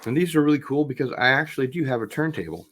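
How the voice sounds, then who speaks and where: During a casual vinyl unboxing livestream, a man chats while opening packages, rambling at length and wandering into tangents. His medium-pitched voice is animated and fairly bright, with slight background noise in the audio.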